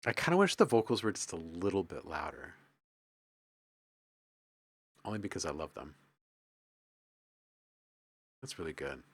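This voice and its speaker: A man's voice: low voice, moderate pace, husky, no room sound. A man hosting a live music-production stream, talking casually and enthusiastically while he works and reads out chat comments. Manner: relaxed, enthusiastic, reads chat aloud, thinks out loud. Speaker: livestream host and music producer.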